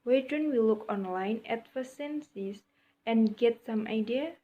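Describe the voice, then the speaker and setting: A woman's voice: a little high, a little slow, mellow, close to an everyday voice. A woman reading a helpful friend giving advice. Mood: concerned. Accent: Indonesian. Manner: plainly read from a script. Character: male friend Rob offering advice. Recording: dull lo-fi recording.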